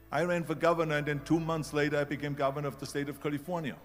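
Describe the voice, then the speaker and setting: A man's voice: a little high, flat delivery, racing, few pauses, soft background music. A man with a German accent giving a motivational speech, emphatic and repeating key phrases for effect. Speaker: public speaker.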